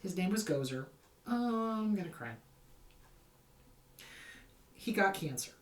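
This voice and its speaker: A woman's voice: medium pitch, animated, slow pace, long pauses. A woman therapist hosting a show, giving casual advice in a blunt, emphatic way and repeating her key points. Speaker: therapist host answering viewer questions. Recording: roomy echo, mic at a distance.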